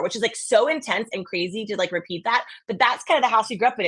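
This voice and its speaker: A woman's voice: fairly high pitch, quick pace, fairly bright tone, slightly rough. A woman from the US East Coast, a podcast guest, chatting casually and telling stories energetically with lots of quoted voices. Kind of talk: casual interview chat.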